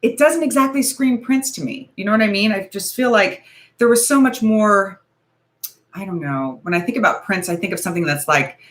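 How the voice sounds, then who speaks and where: A woman's voice: mid-range voice, brisk. A woman in her forties hosting a casual beauty livestream, talking in a nervous, rambling, hedging way. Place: home, ring light.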